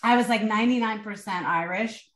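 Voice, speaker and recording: Brief: woman podcast host, friendly and joking, medium pitch, roomy echoing sound. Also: brisk. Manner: friendly, joking, leading questions. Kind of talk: casual interview. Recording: roomy echo.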